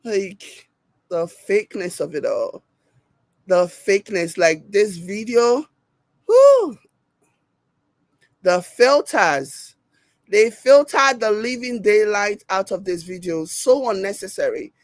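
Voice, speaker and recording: A woman's voice: medium pitch, takes it slowly, no echo. A woman with a Nigerian accent hosting a casual live stream, reading viewer comments aloud and laughing often. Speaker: commentary host reacting to a video and reading live chat.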